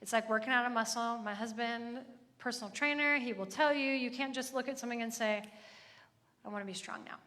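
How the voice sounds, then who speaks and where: A woman's voice: on the high side, fairly even intonation, brisk, pushed and bright. A woman in her thirties giving a chatty, earnest sermon with lots of asides. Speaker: church speaker. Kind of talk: conversational sermon. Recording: echoey hall.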